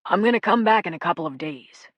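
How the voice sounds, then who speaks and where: A woman's voice: lowish voice, lively intonation, fast, no room sound, highs cut off. A woman voicing a kindly male nurse. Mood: reassuring. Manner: polite, gentle reassurance.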